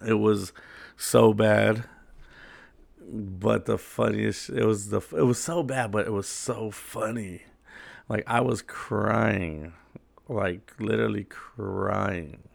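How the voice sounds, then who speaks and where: A man tells stories in a laid-back, slangy, rambling way, his voice heavy with gravel and fry. He sits fairly low in pitch. The sound is close and dry, with no room echo. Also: steady tone, slow pace. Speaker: host. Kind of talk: casual storytelling monologue.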